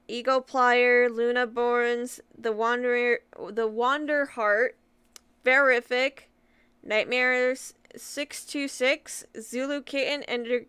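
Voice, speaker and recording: A young woman vlogging casually, giggling and stumbling over names as she reads out shout-outs, often apologizing. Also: on the high side, clean tone, no echo. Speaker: YouTuber.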